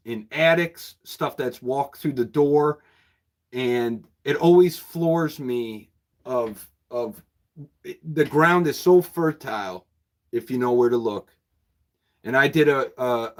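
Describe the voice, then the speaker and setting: Rambling, chatty bookseller man. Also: medium pitch. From New York State. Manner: rambling, repeats words, chuckles often. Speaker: bookseller and channel host. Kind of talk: casual livestream chat with viewers. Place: his bookshop.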